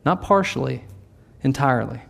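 A male pastor delivering a casual, conversational sermon. His mid-pitched voice has a gravelly edge. He often slips into the voices of the people in his story. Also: expressive, moderate pace. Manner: conversational preaching, acts out quoted voices.

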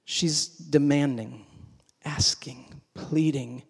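Preacher in an echoing hall. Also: male voice, fairly high pitch, unhurried. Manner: dramatic, swings between hushed and emphatic. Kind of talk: sermon. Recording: long hall reverb.

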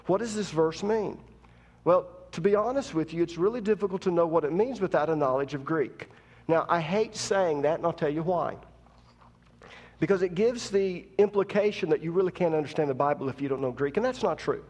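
A man's voice: a little high, brisk, darkish tone, big-room sound. A man preaching a sermon as pastor, talking conversationally while teaching and rising to emphatic preaching. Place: church.

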